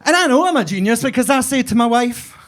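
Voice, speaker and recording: A man's voice: very high voice, lively intonation, fast, a bit bright. A camp, sweary man in his forties from Glasgow with a Glaswegian accent, doing a flamboyant stand-up set on a club stage. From Glasgow, Scotland. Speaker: stand-up comedian. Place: comedy club basement stage.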